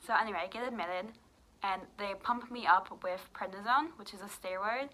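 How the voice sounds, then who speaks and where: A young woman vlogging a casual storytime, her voice bright and mid-pitched. She talks in a loose, chatty way, full of fillers, and slips into the lines of the people in her story as she retells them. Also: moderate pace, rough recording. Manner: chatty, many fillers, acts out quoted dialogue.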